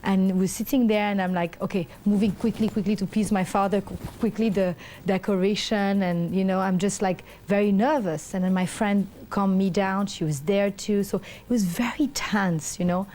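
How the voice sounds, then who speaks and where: A middle-aged woman with a medium-pitched voice speaks at normal speed with few pauses, over slight background noise. As an interview guest, she tells a personal story animatedly, rambling with many fillers and acting out the voices of the people involved.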